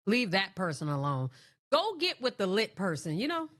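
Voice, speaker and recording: A woman's voice: medium pitch, sing-song, moderate pace, fairly bright tone. A woman hosting a reaction video, tossing sassy, blunt asides to her viewers. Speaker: reaction channel host. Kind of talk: casual reaction commentary.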